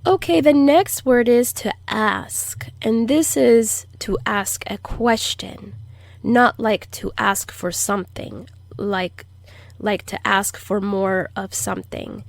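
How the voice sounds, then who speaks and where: A woman teaching a language lesson, who says each word slowly and clearly for learners to repeat and explains pronunciation patiently. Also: medium pitch, no echo. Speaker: Spanish teacher. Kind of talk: slow, deliberate language lesson.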